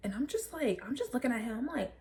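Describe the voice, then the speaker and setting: A young woman vlogger telling a story casually, animated and rambling with lots of fillers and swearing. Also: a little high, fast talker, a little hiss or hum.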